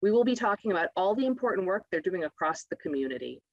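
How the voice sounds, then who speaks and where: A woman's voice: on the low side, sing-song, fast, no room sound, highs cut off. A woman hosting a local TV health program, upbeat and encouraging as she interviews her guest. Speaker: TV show host. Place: local TV studio.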